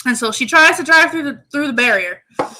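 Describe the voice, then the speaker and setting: A chatty woman with a high, bright voice, recapping a show with friends. She fills her sentences with "like" and acts out her own reactions as she tells it. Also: lively intonation, brisk, slight background noise, poor audio. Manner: chatty, lots of "like", reacting aloud. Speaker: podcast co-host. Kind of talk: casual TV recap chat.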